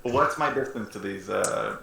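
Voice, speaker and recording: A man's voice: fairly low pitch, a little slow, creaky, pushed and bright. A man playing a tabletop game, asking laid-back questions and calling his shots. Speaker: player. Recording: roomy echo, faint noise.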